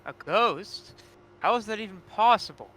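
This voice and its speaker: Kindly cartoon engine, high and bright, voiced by a man. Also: expressive, unhurried, full character voice. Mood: earnest. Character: calm male toaster engine, Bill.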